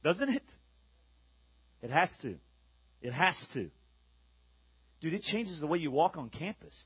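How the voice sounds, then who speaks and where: Animated, playful man preaching a sermon. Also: fairly high pitch, measured pace, husky, dry recording. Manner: jokey, playful, often laughs and acts out quoted voices. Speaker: youth pastor. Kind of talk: energetic sermon. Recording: dull lo-fi recording.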